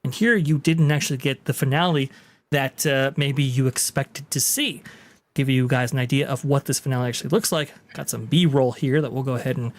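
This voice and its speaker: A man's voice: mid-range voice, steady tone, brisk. A man hosting a podcast, casually commenting on video clips in a chatty, explanatory way. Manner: chatty, explanatory, with frequent fillers. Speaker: podcast host.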